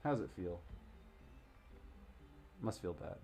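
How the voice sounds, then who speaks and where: A man's voice: low voice, lively intonation, slow pace, gravelly, mellow, a little hiss or hum. A young man streaming a game live, chatting casually and joking, swearing freely as he reads along. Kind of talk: live game playthrough chat.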